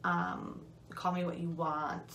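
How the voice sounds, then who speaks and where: A young woman chats through a personal story with loose, profane, filler-heavy talk. Her voice sits a little low and carries some distance from the mic. The room around her adds a clear echo. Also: little pitch movement, slow, fairly bright tone, a little hiss or hum. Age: young adult. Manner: chatty, swears freely, lots of "like" and "um". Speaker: vlogger. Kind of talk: casual storytelling to camera. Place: at home.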